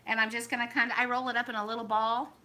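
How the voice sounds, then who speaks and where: A woman with a drawl talks her viewers through a home cooking demo in a bright, chatty way. Her voice sits a little high. Frying food sizzles clearly in the kitchen behind her. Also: flat delivery, racing. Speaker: cooking vlog host. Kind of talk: casual cooking demonstration. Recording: noisy kitchen with sizzling pan.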